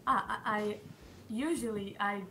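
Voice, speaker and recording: A woman's voice: mid-range voice, measured pace. A young woman with a Brazilian accent, a college student in a casual video chat, giving shy short replies and giggling often. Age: young adult. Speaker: college student chatting with a stranger. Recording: noisy home recording.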